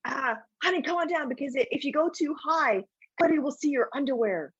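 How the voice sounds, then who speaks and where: A woman's voice: high voice, a little fast, dry recording, muffled recording, voice pushed up. A woman voicing a flustered young mother who pleads with her child in a sing-song, coaxing way.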